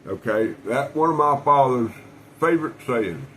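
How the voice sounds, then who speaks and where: A man's voice: medium pitch, expressive, moderate pace, fairly bright tone, slight background noise, rough recording. A man talking casually to camera about his knife collection, rambling and folksy, with frequent restarts. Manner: folksy, rambling storyteller with many restarts and fillers.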